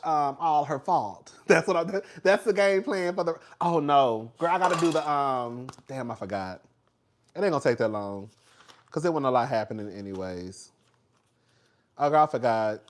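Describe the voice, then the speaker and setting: A man hosting a casual livestream, chatty and animated, laughing often, with slang and swearing. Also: fairly high pitch. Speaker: host.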